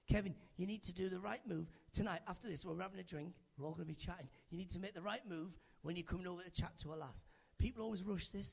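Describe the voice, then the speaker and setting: A male stand-up comic works the room with chatty, teasing banter, his fairly high voice leaping all over the place. There's a gravelly, husky edge to his tone. He talks into a handheld mic on a club stage. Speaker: stand-up comedian. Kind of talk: live stand-up with crowd work.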